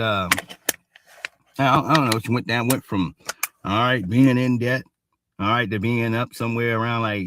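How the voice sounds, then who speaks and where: A man holds forth on the news in a blunt, profane, loose way, tagging almost every thought with a quick "all right?" His voice sits in an ordinary middle pitch and sounds close and dry, with no room around it. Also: dry recording. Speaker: show host. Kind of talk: casual news commentary stream.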